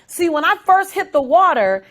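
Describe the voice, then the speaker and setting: A middle-aged woman, a guest, telling a story with dramatic, animated delivery. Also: very high voice, moderate pace. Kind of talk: storytelling interview.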